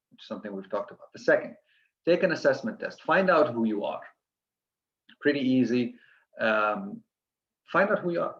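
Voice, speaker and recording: A man's voice: medium pitch, highs cut off. A man giving an earnest coaching lecture to physicians, listing steps with frequent restarts.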